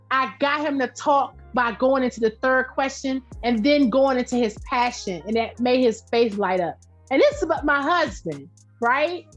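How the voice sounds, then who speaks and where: A middle-aged woman, a podcast guest and entrepreneur, talking in a loud, direct, animated way and telling stories with laughs. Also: high voice. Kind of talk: casual interview chat. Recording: dull lo-fi sound.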